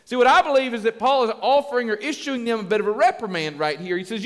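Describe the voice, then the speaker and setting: Male pastor, high-pitched, folksy and lively, reverb of a large church hall. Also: quick pace, few pauses. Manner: folksy, animated, acts out little dialogues. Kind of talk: sermon.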